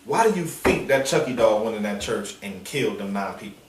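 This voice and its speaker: A man's voice: lowish voice, animated, fairly quick, a little hiss or hum. Confrontational street preacher man, echoey. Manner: forceful, confrontational, slangy. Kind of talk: outdoor street preaching with call-and-response. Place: outdoor street downtown. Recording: echoey street sound from a distance.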